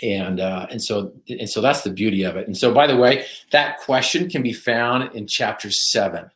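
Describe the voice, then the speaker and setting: A man's voice: fairly low pitch, moderate pace, a bit bright. A man guest telling a personal story in an earnest, emphatic way. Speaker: podcast guest. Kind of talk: motivational storytelling. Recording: roomy echo.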